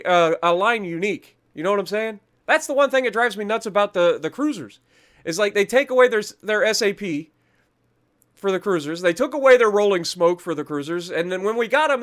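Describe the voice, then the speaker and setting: A man with a fairly high voice talks through game patch notes at home. He is chatty and self-mocking, trips over foreign names and drifts into small rants about the game's developers. His delivery stays loose and conversational. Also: expressive, a little fast, fairly bright tone. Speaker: gaming channel host. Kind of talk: casual patch-notes commentary.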